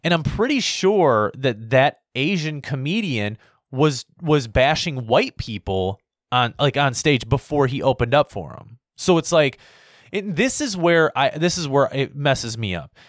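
A man in his thirties rants casually and heatedly to camera, swearing often and rambling with plenty of fillers. His medium-pitched voice is very animated but measured in pace, recorded in a clean studio with no echo.

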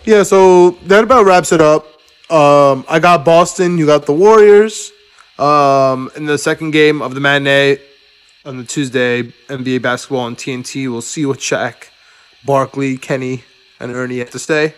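A man's voice: a little high, moderate pace, clean tone. A man co-hosting a casual sports podcast, loose and joking, laughing often. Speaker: podcast co-host.

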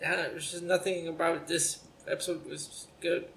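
A man with a high voice co-hosts a casual podcast. He is laid-back and makes wry asides. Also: little pitch movement, a little fast, creaky, a bit bright, a little hiss or hum. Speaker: podcast co-host.

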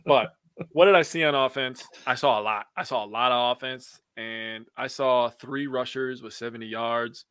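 A man co-hosting a sports podcast in casual chat, getting excited and swearing freely. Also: medium pitch, normal speed, clean tone, no echo.

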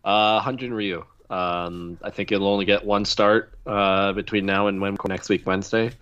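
A man's voice: lowish voice, steady tone, moderate pace, a bit bright, clean tone. A man co-hosting a casual sports podcast, talking thoughtfully and hedging with fillers as he works through his reasoning. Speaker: podcast co-host. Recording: dull lo-fi mic.

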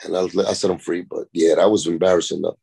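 A man's voice: low-pitched, fast, creaky, husky. A man, a rapper and podcast guest, telling rambling, profane stories in a casual chat. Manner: rambling, profane, animated anecdotes.

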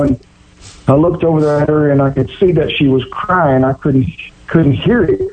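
A man's voice: mid-range voice, phone-quality sound. A man from Oklahoma with an Oklahoma accent, a guest telling stories in a drawling, folksy way with country grammar. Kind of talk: folksy storytelling interview.

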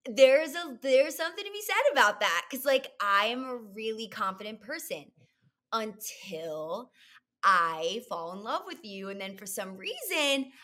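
A young woman guest on a podcast, loud and bubbly, joking about herself. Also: fairly high pitch, sing-song, measured pace. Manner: loud, bubbly, self-mocking. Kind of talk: casual chat.

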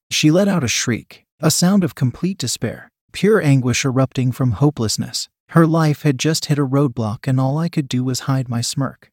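A man reads a first-person story aloud in a measured, sardonic tone. His voice sits at an ordinary pitch, and the sound is dry and close. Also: a little mellow, no room sound. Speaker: narrator.

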